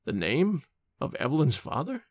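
A man voicing a dying, secretive old nobleman who speaks slowly and hushed. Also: medium pitch, animated, vocal fry, no echo, clean studio sound. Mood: sinister. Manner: slow, hushed, rattling.

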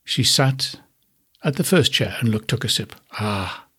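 Husky man narrating a bedtime story. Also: medium pitch, expressive, normal speed, a bit bright. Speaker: podcast host.

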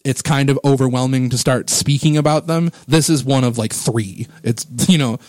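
A man's voice: mid-range voice, fairly even intonation, normal speed, darkish tone, no room sound. A man in his thirties or forties hosting a casual music podcast, rambling with enthusiasm and getting emotional about favorite records, on a close microphone. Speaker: podcast host.

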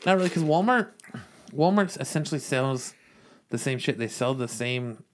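A man's voice: mid-range voice, expressive, normal speed. A man in casual podcast chat, laid-back, swearing casually and often restarting his sentences.

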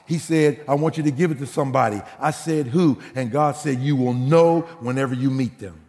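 A man preaching a sermon, telling a story with acted-out quotes and shouted punchlines. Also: medium pitch, brisk, in a large hall. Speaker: pastor.

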